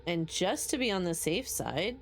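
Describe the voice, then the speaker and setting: There's a slight hiss or hum as a woman with a fairly low, lively voice streams a game at a normal speed. In a New Jersey accent she chats casually with her viewers, cursing and frequently starting over.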